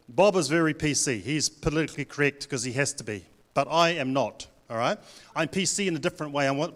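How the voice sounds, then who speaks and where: A man's voice: on the high side, a bit bright. A man, a Pacific director giving a blunt, joking talk to a live audience at a church event. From New Zealand. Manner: blunt, joking, plays to the crowd.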